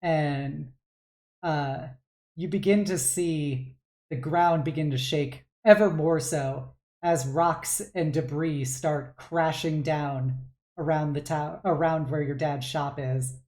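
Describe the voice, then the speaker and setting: A woman runs the tabletop game as game master, narrating at an unhurried pace. Her voice is low, and she fills her sentences with hesitant pauses. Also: fairly even intonation, darkish tone. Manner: hesitant, full of fillers.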